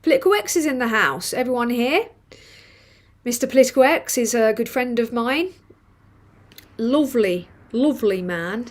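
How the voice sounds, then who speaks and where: A woman's voice: a little high, animated, moderate pace, long pauses. A woman hosting a casual live stream, reading chat comments aloud with swearing and laughter. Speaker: livestream host reading chat.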